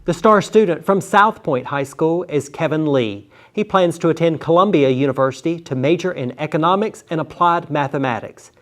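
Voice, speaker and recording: An announcer reads out award details. The delivery is scripted and even, with no flourishes. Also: medium pitch, normal speed, few pauses.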